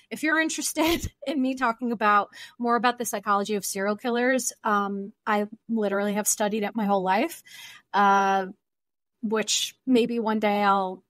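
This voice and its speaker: Chatty woman podcast host, bright voice. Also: fairly high pitch, dry recording. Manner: chatty, informal, laughs often. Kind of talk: solo podcast monologue.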